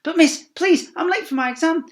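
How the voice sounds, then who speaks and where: A man reading a children's story aloud, voicing a cowering schoolchild who pleads in a high, whiny voice. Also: fairly quick. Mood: pleading.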